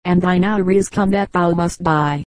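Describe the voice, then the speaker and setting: A woman's voice: lowish voice, steady tone, a little slow, a little mellow, dry recording, lightly acted. A woman reading the lines of a cruel male knight issuing cold, archaic threats.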